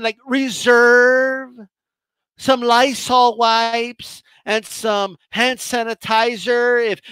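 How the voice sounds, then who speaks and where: A man's voice: very high-pitched, pushed and bright, smooth, dry recording, heavily acted. A man putting on the voice of an entitled, demanding woman shopper who keeps insisting on the manager. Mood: wheedling.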